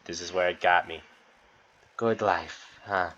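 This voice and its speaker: A man voicing a gruff, bitter old male ship mechanic with a coarse, world-weary drawl. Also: low voice, fairly even intonation, measured pace, sharp tone. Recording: dull lo-fi sound.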